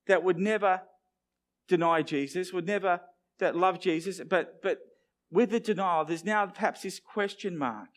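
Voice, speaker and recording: A middle-aged man, preaching a sermon and acting out the lines he quotes. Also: high-pitched. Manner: animated, acts out quoted dialogue. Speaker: pastor.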